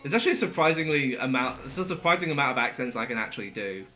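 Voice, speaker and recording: A man's voice: mid-range voice, expressive, rapid-fire, bright, forceful tone, faint music behind. A man chatting casually with his viewers while gaming live, joking and laughing often. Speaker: streamer.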